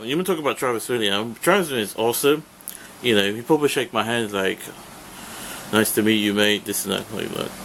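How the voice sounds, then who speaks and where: A man's voice: lowish voice, gravelly, fairly bright tone, a little hiss or hum. A man rambling through a casual vlog, full of fillers and restarts, swearing when annoyed. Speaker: vlogger.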